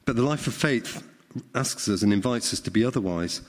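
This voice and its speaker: A man's voice: fairly low pitch, lively intonation, brisk. A middle-aged man, preaching a sermon in a conversational way and often asking the congregation questions. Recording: long hall reverb.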